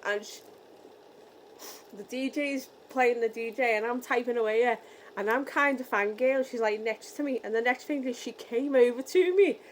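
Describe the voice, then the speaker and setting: A young British woman from the UK telling a story in a casual vlog, acting out the dialogue with lively energy. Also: fairly high pitch, moderate pace, slight background noise, low-quality recording. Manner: animated, re-enacting dialogue. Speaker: vlogger.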